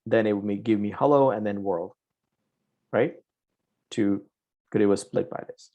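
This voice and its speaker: Teaching a live programming class online, this man explains each step in turn and tags his points with "right?" His voice is on the low side at a normal speed, and the audio has its high frequencies cut off.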